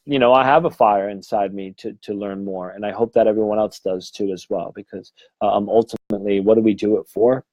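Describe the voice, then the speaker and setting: A man's voice: on the low side, steady tone, brisk, few pauses, a little mellow, no room sound, dull audio. A man giving a casual livestream talk as a medium, earnest and rambling, restarting his sentences and swearing now and then. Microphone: phone or webcam livestream.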